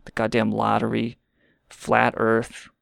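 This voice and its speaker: Man, show host, profane sarcastic rant, very gravelly voice, dry close sound. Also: fairly low pitch, completely flat delivery, slow pace, a bit bright, no room sound. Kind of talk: casual comedic rant.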